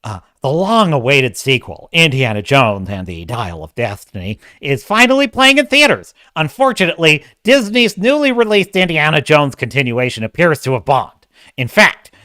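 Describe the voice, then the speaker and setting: Prim, preachy male newsreader, a man's mocking put-on, bright and lively. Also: medium pitch, no room sound. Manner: affected, sanctimonious reading.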